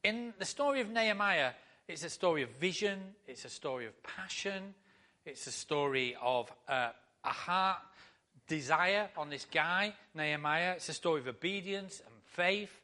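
A man's voice: on the high side, animated, normal speed, sharp tone. A male pastor giving a conversational sermon to his church, full of rhetorical questions.

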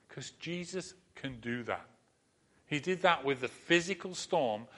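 A man preaching a sermon in an earnest manner, repeating phrases and dropping to a soft, comforting tone. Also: medium pitch. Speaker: pastor.

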